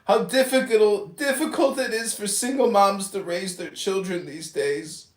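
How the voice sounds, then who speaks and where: A guest in a casual chat, mocking and loud. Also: medium pitch, unhurried. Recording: echoey room.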